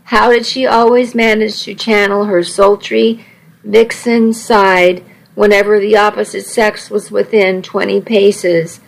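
A woman's voice: medium pitch, level tone, a little slow, creaky, poor audio. A woman reading a first-person story aloud in a wry, conversational way. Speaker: audiobook narrator.

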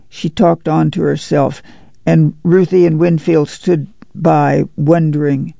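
Male audiobook narrator, gravelly, measured; dry, dull recording. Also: a little high, flat delivery, warm tone, dry recording. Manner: measured, unhurried storytelling. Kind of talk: scripted novel narration.

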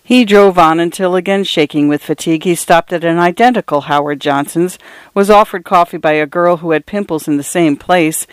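A woman hosting a radio program, reading short stories aloud in a measured literary style. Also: lowish voice, clean tone, no room sound. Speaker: radio host and reader. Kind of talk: scripted short story narration.

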